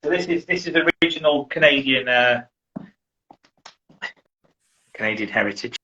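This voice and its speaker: Rambling English man, bright voice. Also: medium pitch, lively intonation, quick pace, muffled recording, slight background noise. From England. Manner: rambling, repeats words and restarts often. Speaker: guest, survival instructor. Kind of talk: casual interview chat.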